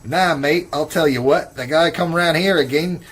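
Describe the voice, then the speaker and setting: A rough, boastful Australian bushman, as a podcast host puts him on, talking in a swaggering, slangy drawl. The voice sits higher than the man's own and pushes a little louder. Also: normal speed. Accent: Australian, put on.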